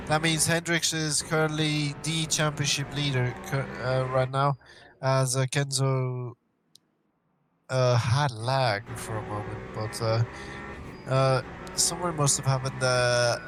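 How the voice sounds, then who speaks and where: A man commentating a live sim race, excitable and full of fillers and exclamations. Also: a little high, background noise.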